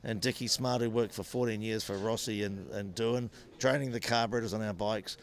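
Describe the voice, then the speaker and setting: Older Kiwi ex-racer telling stories. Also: male voice, lowish voice, a little fast. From New Zealand. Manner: animated anecdotes with frequent restarts. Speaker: former motorcycle racer and businessman. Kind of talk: interview, storytelling.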